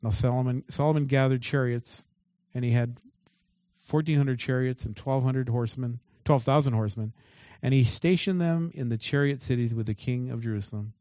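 A man's voice: medium pitch, moderate pace, mellow, no echo. A man preaching a sermon as pastor. He reads scripture aloud and breaks off into emphatic asides.

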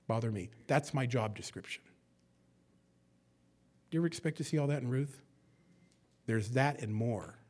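The pastor's middle-pitched voice moves at a moderate pace with frequent pauses as he works through scripture verse by verse. Quiet, confiding asides alternate with loud, emphatic readings, and folksy jokes plus acted-out quotes keep the sermon conversational.

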